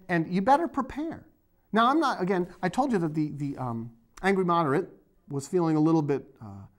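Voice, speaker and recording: A man from the area, hosting his own video blog and ranting about politics in a rambling, sarcastic, emphatic way. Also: sits high. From Boston area, USA.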